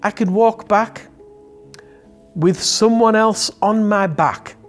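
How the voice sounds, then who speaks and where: A man's voice: high voice, slow pace, soft background music, voice pushed up. A man voicing a proud male tightrope walker who teases a cheering crowd with questions, in a spoken devotional. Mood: boastful.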